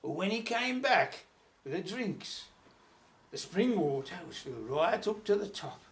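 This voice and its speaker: Lively male folk storyteller. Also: sits high, a little slow. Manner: chatty, lively storytelling with asides. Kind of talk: live folk tale telling.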